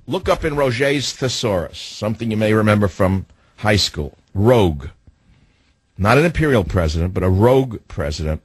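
A man's voice: a little high, a bit bright, breathy edge, no echo, poor audio. A man hosting a political talk radio show, delivering an indignant, combative monologue full of rhetorical questions into a studio microphone.

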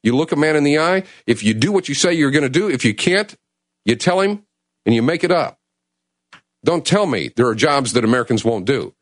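A man's voice: on the high side, animated, a little fast, no room sound, studio quality. Impassioned man hosting talk radio. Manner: impassioned, urgent, swings from loud to hushed. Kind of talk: emotional talk radio monologue. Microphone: studio mic.

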